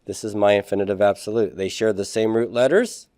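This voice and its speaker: A man teaching a recorded grammar lecture, explaining step by step, spelling out Hebrew words slowly and often asking "okay?" to check in. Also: fairly low pitch, dark tone, dry recording, studio quality.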